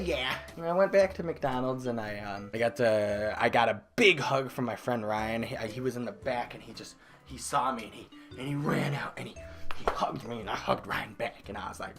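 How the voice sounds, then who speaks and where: A young man vlogging a comedic storytime about his old job, animated, breaking into loud exaggerated outbursts and laughs. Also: mid-range voice, fairly quick, faint music behind. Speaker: vlogger telling a work story. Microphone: desk microphone.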